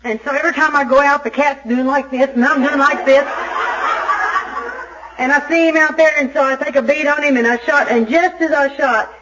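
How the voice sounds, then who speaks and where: A woman from Arkansas gives a recovery meeting talk as an Al-Anon speaker, telling her story in an animated, self-mocking way. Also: high voice, normal speed. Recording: dull lo-fi tape recording.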